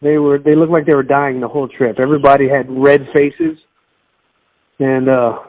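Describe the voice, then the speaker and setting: A man's voice: medium pitch, little pitch movement, normal speed, narrow, tinny audio. A man from Miami chatting on a podcast, telling stories in a rambling way. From Miami, United States. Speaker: podcast co-host. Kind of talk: casual chat.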